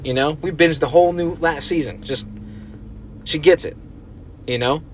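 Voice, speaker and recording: A young man hosts a casual solo podcast, wandering from thought to thought with plenty of fillers and swearing. His voice sits a little high for a man. A faint background hum runs underneath. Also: normal speed. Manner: rambling, profane, heavy use of filler words. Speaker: podcast host.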